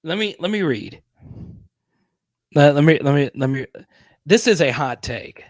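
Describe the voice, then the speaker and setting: A man's voice: on the high side, animated, a little slow, dry recording. A man hosting a casual live stream, chatting and reading viewer comments aloud.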